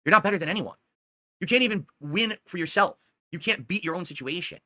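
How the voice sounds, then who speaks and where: In this clip a male streamer tears into a rival with profanity, berating him and asking over and over whether he gets it. He speaks fast in a high-pitched, sharp voice, and there is no echo.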